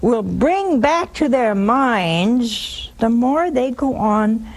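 A woman's voice: on the high side, vocal fry. A woman hosting a religious call-in show, preaching emphatically and repeating key words for force. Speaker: religious TV host taking calls.

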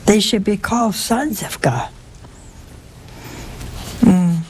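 A woman's voice: medium pitch, lively intonation, slow pace, darkish tone, slight background noise. A woman giving a conversational sermon, full of rhetorical questions and folksy asides. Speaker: preacher.

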